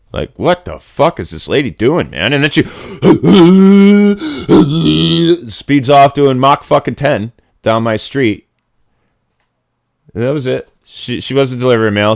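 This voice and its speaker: With a mid-range voice in a studio-quality recording free of echo, this middle-aged Connecticut man hosts a laid-back livestream chat. He rambles, rants and swears bluntly.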